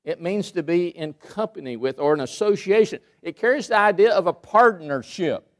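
A man delivers a sermon in a church. His voice sits a little high for a man. He preaches emphatically, climbing to loud peaks and then dropping to hushed asides. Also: animated, moderate pace. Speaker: pastor. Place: church sanctuary.

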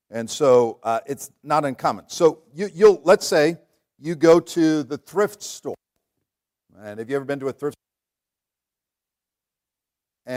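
A man preaching a sermon in a church, folksy and joking, swinging between loud readings and quiet asides. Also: mid-range voice. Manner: folksy, humorous preaching with dramatic shifts in loudness and pace. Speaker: pastor.

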